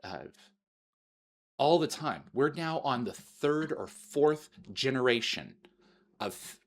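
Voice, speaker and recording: A middle-aged man hosting an interview, talking earnestly and haltingly with many restarts. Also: mid-range voice, sing-song. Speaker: host. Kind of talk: interview talk.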